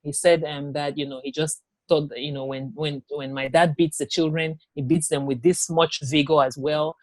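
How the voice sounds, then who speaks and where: A woman guest and author telling her own story in an interview, animated, often acting out what others said. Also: sits low, normal speed, few pauses, no room sound, clean studio sound. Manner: animated, acts out quoted speech.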